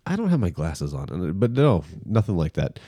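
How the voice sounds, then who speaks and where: Lively man asking questions over beers. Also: low-pitched, normal speed, no echo. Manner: prompting questions, reads labels aloud. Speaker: podcast host. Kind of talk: casual chat over beers.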